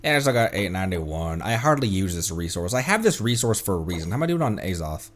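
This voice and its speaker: Lively, chatty male game streamer. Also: deep voice, quick pace, soft background music. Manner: chatty, thinking aloud, playful. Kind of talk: casual gaming commentary.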